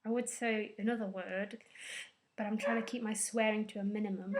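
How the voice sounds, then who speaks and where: Chatty woman with a high voice. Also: moderate pace, long pauses, slight background noise. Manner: rambling, chatty, emotional, swears. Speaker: vlogger. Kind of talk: casual TV episode recap.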